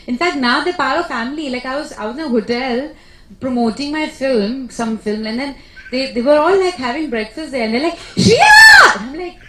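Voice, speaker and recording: At a film press meet, an actress gives casual answers to press questions in a chatty, animated way, telling stories with laughs. Her voice is high and brisk. The press conference room is echoey, with faint background noise.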